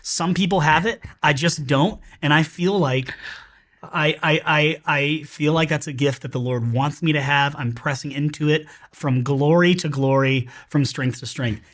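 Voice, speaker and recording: Earnest, slightly high-voiced male podcast host. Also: moderate pace, a bit bright. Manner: earnest, rambling with many restarts and fillers. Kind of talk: casual chat.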